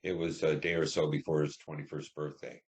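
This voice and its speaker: A man in his seventies from Detroit, a veteran telling war memories in an oral history interview, halting and reflective with many fillers. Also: extremely low pitch, flat delivery. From Detroit, Michigan.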